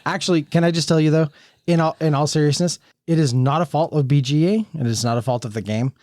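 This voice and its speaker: A man's voice: fairly high pitch, fast talker, a little mellow, dry recording. A man hosting a casual board game podcast, chatty and steering the talk. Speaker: podcast host. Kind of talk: casual chat.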